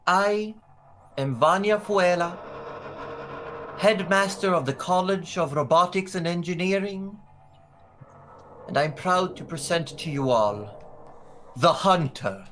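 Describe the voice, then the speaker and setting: Man doing a regal lady headmaster, stately, slow grand speech, raised pitch. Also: fairly bright tone, slight background noise. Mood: proud.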